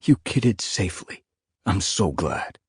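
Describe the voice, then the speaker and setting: A male audiobook narrator voicing a gentle, caring gray male cat hero who speaks warmly and earnestly. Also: sits low, animated, slow, husky, dry recording, clean studio sound, exaggerated voice.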